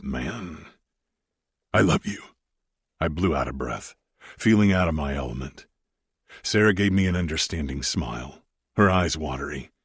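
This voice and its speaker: A man's voice: low-pitched, slightly rough, no room sound, clean studio sound. A man narrating a first-person romance audiobook in an intimate, brooding way.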